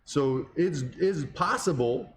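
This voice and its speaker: Animated and slow-paced, a man with a fairly high voice co-hosts a podcast, chatting casually and rambling loosely with occasional swearing. Slight background noise can be heard.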